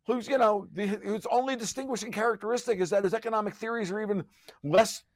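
A man guesting on a podcast, his voice sitting a bit high. He rants in a heated, mocking way, swearing freely and stumbling over restarts. The sound is close and dry. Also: no room sound. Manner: profane, rapid restarts and filler-heavy; sarcastic and mocking. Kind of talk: heated conversational ranting.

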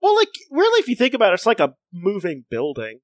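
This comics podcast co-host speaks fast in a high-pitched voice whose pitch swoops wildly. He keeps things casual, reading passages out, laughing often and frequently starting sentences over. There's no echo.

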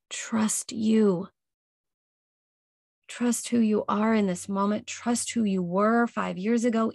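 A woman's voice: mid-range voice, gravelly, a little mellow, no echo, studio quality. A woman hosting a motivational self-help podcast, speaking emphatically and repeating her key phrases to encourage listeners. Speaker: podcast host.

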